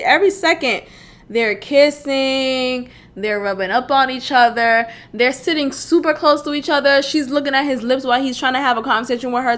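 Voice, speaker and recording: A young woman hosting her own podcast, talking in a high voice with a bright, sharp edge. She gives blunt, animated opinions in casual chat, breaking into laughing asides. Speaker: podcast host. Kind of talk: casual reality-show commentary.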